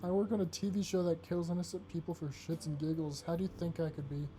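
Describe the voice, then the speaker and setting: A woman's voice: lowish voice, flat delivery, fast talker, warm tone, faint music behind, close to an everyday voice, poor audio. A woman voicing a drunk, bitter woman who works on a deadly show, with a slurred, drunken delivery. She reads the lines aloud while playing a game. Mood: drunk, sardonic.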